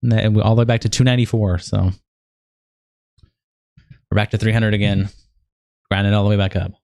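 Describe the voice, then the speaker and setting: A man's voice: lowish voice, flat delivery, brisk, vocal fry, a little mellow, no echo, studio quality. A young man hosting a livestream in a loose, casual way, cursing freely as he catches viewers up on progress. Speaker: livestream host.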